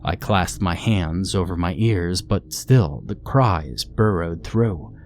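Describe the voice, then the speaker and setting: A man narrating a horror story in a steady, ominous storytelling manner. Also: sits low, slow pace, a little hiss or hum. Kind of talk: scripted narration.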